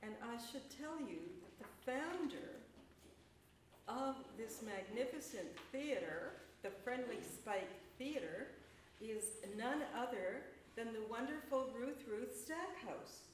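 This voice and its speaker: Slow, rhythmic woman poet in echoey hall. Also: a little high, expressive, a little hiss or hum. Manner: measured, deliberate, rhythmic delivery. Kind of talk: poetry reading and spoken-word performance. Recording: echoey room, mic far away.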